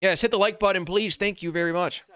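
Brash loud man, bright and crisp. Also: high-pitched, fairly even intonation, quick pace, no room sound, studio quality. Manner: brash, blunt and loud, half-yelling. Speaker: crypto channel host. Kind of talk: casual livestream chat answering viewer comments. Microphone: wearing noise-canceling headphones.

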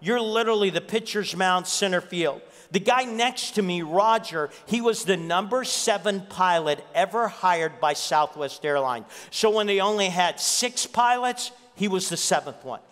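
A pastor with a high voice preaching to his church, telling a story with animated acted-out dialogue. The long reverb of the sanctuary hangs on every line. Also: moderate pace, few pauses. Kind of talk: sermon with storytelling.

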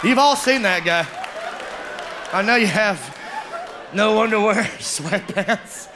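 A man does stand-up comedy, his voice sitting high for a man. He tells stories with animated energy and breaks into shouts at punchlines. An audience laughs throughout in a noisy live room. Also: slow pace, a crowd in the background. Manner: animated storytelling, bursts of shouting.

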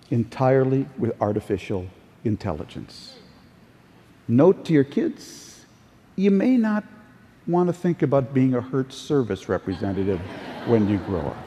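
An older man delivers a conference keynote from a large hall, his voice carrying a long reverb tail. The tone is mellow and slightly higher than usual for a man. He moves from point to point through anecdotes. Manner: storytelling with anecdotes, occasional restarts. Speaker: keynote speaker. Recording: distant, echoey hall sound.

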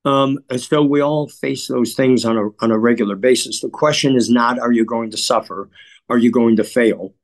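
A man from Chicago, a guest in an interview, telling stories in a measured, earnest way and often clearing his throat. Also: medium pitch. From Chicago, USA. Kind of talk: reflective interview storytelling.

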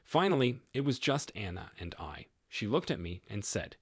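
Man, story narrator, matter-of-fact, husky, dry close sound. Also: mid-range voice, very animated, normal speed, few pauses, no echo. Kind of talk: first-person story narration.

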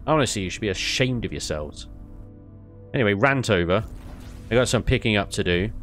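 Man, gameplay commentary, lively pitch swings, soft music underneath. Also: normal speed, pauses often. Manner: animated ranting with bursts of laughter and mild swearing. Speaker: gaming YouTuber.

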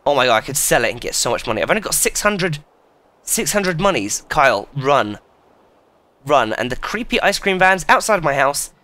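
A man giving excitable, sweary commentary while playing a video game. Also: moderate pace. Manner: excitable, swears a lot, jumps in pitch. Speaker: gaming YouTuber. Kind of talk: casual let's play commentary.

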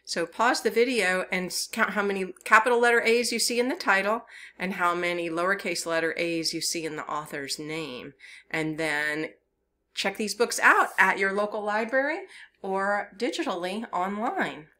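Bright-voiced woman leading children's story time. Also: mid-range voice, normal speed. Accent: Southern US. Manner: sing-song, playful, coaxing children to join in. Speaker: children's librarian.

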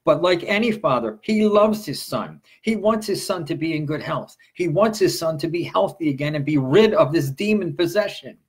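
A man preaching from the pulpit in a husky, slightly high voice. He works verse by verse, slows down when he reads scripture aloud, and fires off strings of rhetorical questions to drive each point home. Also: lively intonation. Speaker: pastor. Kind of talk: sermon. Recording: broadcast sermon recording.

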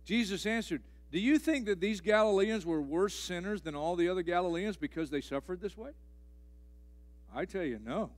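A middle-aged man, a pastor delivering a sermon in a church, pressing key phrases again and again and swinging between loud and hushed. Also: high voice, animated, normal speed. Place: church sanctuary.

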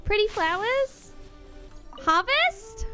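A young woman streaming a game, gushing and excitable, swearing casually as she reacts. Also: extremely high pitch, extremely slow, music in the background. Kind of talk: gaming reaction commentary.

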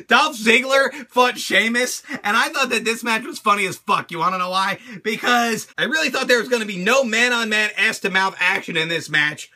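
A man hosting his own channel, reviewing a wrestling show in an animated, crude rant full of swearing and laughter. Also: sits high, moderate pace, hardly any pauses.

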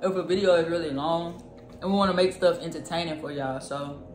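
A woman's voice: on the low side, fairly even intonation, a little fast. A woman, co-hosting a casual cooking chat, chatty and teasing. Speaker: co-host of a couple's cooking channel. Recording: echoey room with faint music.

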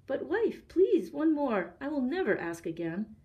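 A woman's voice: medium pitch, lively intonation, a little slow, a little mellow. A woman reading a storybook aloud, voicing a greedy young husband who calls out and makes demands. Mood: begging. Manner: calling, demanding. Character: poor young fisherman husband, greedy and insistent.

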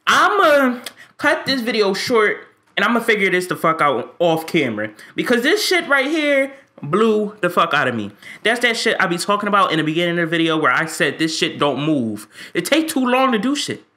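A man's voice: high-pitched, big pitch swings, moderate pace, pushed and bright. A man giving ranting, profane commentary on a game he is fed up with, stammering when frustrated. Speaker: gaming YouTuber.

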